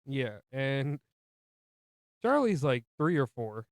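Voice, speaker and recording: Guy chatting thru a movie plot on a podcast, crisp voice, no room echo. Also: medium pitch, big pitch swings, takes it slowly, studio quality. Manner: retells plot loosely, jokey asides. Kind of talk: casual film recap chat.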